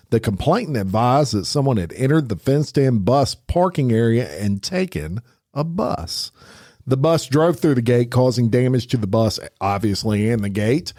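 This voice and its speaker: A man's voice: mid-range voice, dark tone, no echo, studio quality. A man co-hosting a crime podcast, reading a crime report in a plain, conversational way. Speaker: podcast co-host.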